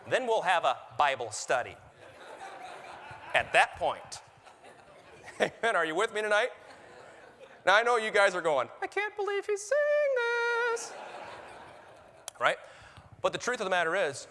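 A man preaching a sermon as pastor, lively and conversational, acting out quoted voices. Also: on the high side. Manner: animated preaching, acts out quoted voices, laughs at own jokes. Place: church sanctuary. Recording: reverberant church hall.

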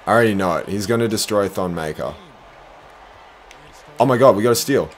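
A young man talks through his basketball game live, his fairly low voice sliding between mutters and sudden shouts when plays go wrong. He mocks his own mistakes as he goes. A faint hiss sits under the recording. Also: brisk. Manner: excitable, groaning, self-deprecating, bursts into shouts. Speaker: gaming streamer. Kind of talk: live gameplay commentary.

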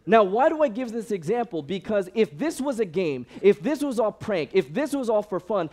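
A man with a high-pitched voice speaks at a moderate pace, giving a sermon-style talk as a ministry director. He tells stories conversationally with plenty of fillers, animatedly acting out the people he quotes.

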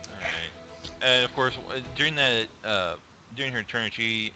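A man running a tabletop game as game master, hesitant with lots of pauses and restarts. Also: mid-range voice, animated, pushed and bright, soft background music.

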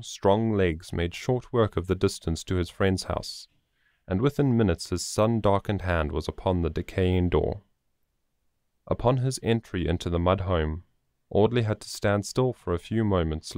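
Man reading a story aloud, lowish voice, super dry close mic, steady pace. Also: dry recording. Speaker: audiobook narrator. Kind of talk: scripted storybook narration.

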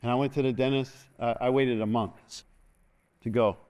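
A man's voice: medium pitch, fairly even intonation, moderate pace, lo-fi sound. Joking call-and-response preacher, older man. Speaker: pastor. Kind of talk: sermon.

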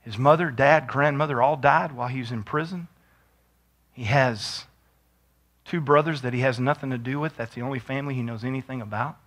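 Bright-voiced preaching pastor, a man. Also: mid-range voice, fairly quick. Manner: builds from quiet storytelling to shouted preaching. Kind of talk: sermon.

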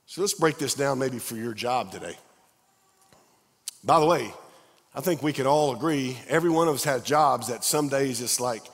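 A man's voice: medium pitch, normal speed, in a large hall. A middle-aged man preaching a sermon as a pastor, telling stories and acting out the dialogue with animation. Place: large church sanctuary.

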